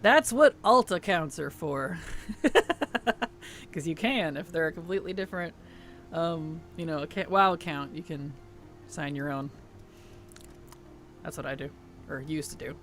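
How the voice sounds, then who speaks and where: A man's voice: a little high, lively intonation, a little slow, long pauses, a bit bright. A man streaming a game, chatting casually, laughing often and greeting his chat as he plays. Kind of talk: casual gaming livestream chat.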